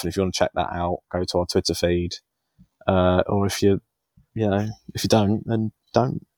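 Casual podcast co-host: a man in his thirties, deep-voiced and rambling, with a dry close sound. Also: dry recording. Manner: rambling, chuckling, self-deprecating.

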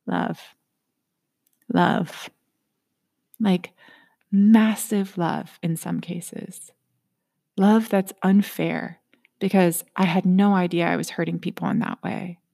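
A woman's voice: mid-range voice, gravelly, darkish tone. A woman giving a reflective motivational talk, earnest and candid, sometimes dropping to a near whisper.

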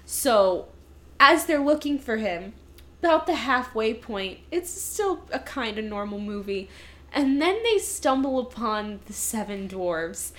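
Casting: high-pitched woman, lively storyteller in a casual movie-review chat. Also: measured pace. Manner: animated storytelling, acting out lines with laughs. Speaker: podcast co-host reviewing a movie.

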